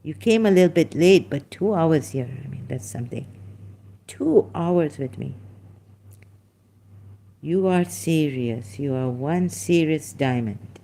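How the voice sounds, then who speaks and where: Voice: medium pitch, lively intonation, slow pace, creaky, pauses often, mellow, slight background noise. A livestream host effusively thanking a viewer, repeating the thanks, laughing often and slipping into Hindi phrases.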